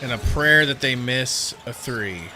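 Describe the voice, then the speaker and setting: A man co-hosting a live game reaction stream, reacting with excitable, anxious outbursts. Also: mid-range voice, measured pace, music in the background. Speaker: podcast co-host.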